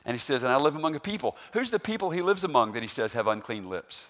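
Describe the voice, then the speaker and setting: A man preaching a sermon, animated, rising loud on emphasis and asking the congregation questions. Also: mid-range voice, fast, hardly any pauses. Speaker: pastor.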